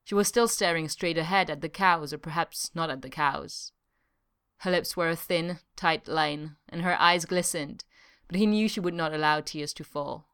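Low, smooth-voiced woman narrating a novel. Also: moderate pace, fairly bright tone. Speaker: audiobook narrator. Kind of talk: scripted narration.

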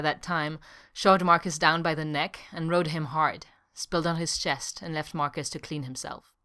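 Woman, story narrator, very deep pitch for a woman, soft, even, unhurried reading.

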